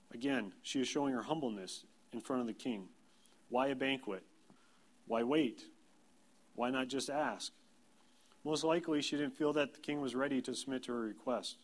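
A man in his thirties, a pastor, giving a sermon in a plain, conversational storytelling way, self-deprecating. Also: medium pitch. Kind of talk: sermon with personal anecdotes.

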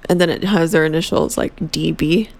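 A chatty, giggly woman co-hosting a casual podcast, her voice carrying a gravelly, fry-tinged edge. She reads things aloud with playful flourish and laughs easily while sorting through a box with a friend. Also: low voice, normal speed, a little mellow. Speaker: podcast co-host. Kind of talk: casual chat during an unboxing.

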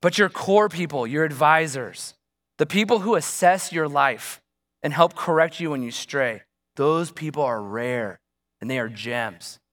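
A man's voice: on the high side, expressive, measured pace, a bit bright. A man preaching as a pastor, telling a personal story in a conversational way and asking the congregation rhetorical questions. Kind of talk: sermon.

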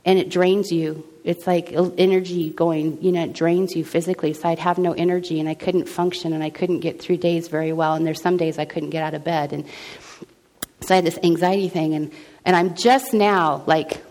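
A middle-aged woman shares a personal faith testimony, earnest and conversational, in a lowish, slightly mellow voice with fairly even intonation at normal speed. Her casual storytelling is full of restarts and acted-out dialogue.

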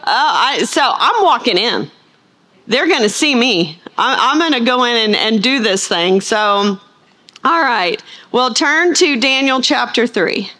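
Middle-aged woman Bible teacher, talkative and lively, full of playful asides to the congregation. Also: fairly high pitch, unhurried. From United States. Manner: rambling, animated storytelling with playful asides. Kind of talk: chatty sermon intro to a live audience.

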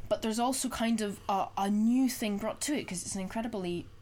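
A woman's voice: mid-range voice, brisk, a little mellow, slight background noise. A young woman co-hosting a podcast, chatting casually about films in a rambling way full of fillers. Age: young adult. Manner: rambling, full of "sort of" and "kind of". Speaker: podcast co-host. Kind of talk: casual film discussion.

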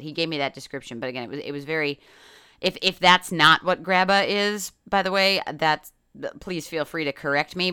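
Middle-aged woman from New York, podcast host and coach; low, bright voice, chatty storyteller who curses freely. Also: clear, resonant tone, dry recording, studio quality. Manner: chatty, storytelling, frequent fillers and swearing. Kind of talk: casual monologue podcast.

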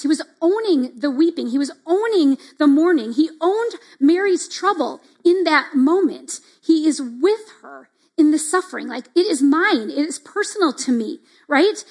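A middle-aged woman giving a devotional teaching talk in a conversational way, with many asides like "like" and "right?", and acting out the reactions she describes. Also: high voice. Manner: acts out quoted reactions. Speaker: church speaker.

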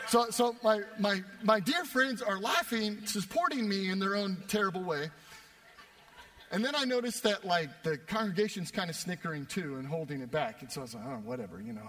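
Young man, pastor, lively joking storyteller, higher voice, church reverb. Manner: animated, self-deprecating storyteller. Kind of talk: sermon with personal storytelling. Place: church worship space. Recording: long reverb of a church hall.

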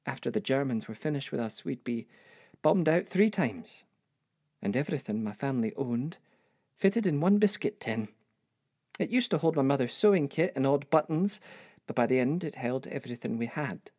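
Older woman performing a reflective life-story monologue; expressive, rising and falling pitch. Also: moderate pace, slightly rough, no echo, clean studio sound. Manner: wistful, reflective storytelling with wry asides. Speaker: narrator. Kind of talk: dramatic monologue.

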